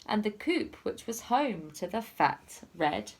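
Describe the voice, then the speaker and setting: Slow sing-song woman teacher. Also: mid-range voice, big pitch swings, slight background noise. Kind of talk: reading a picture book to children.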